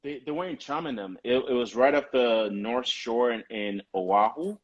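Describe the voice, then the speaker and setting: A man hosting a relaxed conversation, telling stories with animation and laughing easily. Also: mid-range voice, normal speed, lo-fi sound. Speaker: podcast host. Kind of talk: casual chat.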